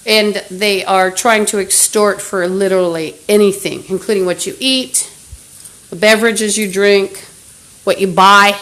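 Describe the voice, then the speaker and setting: Brief: woman, mid-pitched voice, furious profane livestream rant berating invisible enemies. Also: steady tone, unhurried, a bit bright, poor audio. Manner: profane, hostile, berating unseen listeners. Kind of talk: angry live-stream rant. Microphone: phone livestream.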